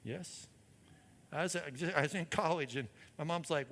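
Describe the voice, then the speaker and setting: High, bright-voiced preacher in a reverberant church. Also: male voice, a little slow. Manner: energetic, calls to the congregation. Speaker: guest preacher. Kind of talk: sermon. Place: church hall.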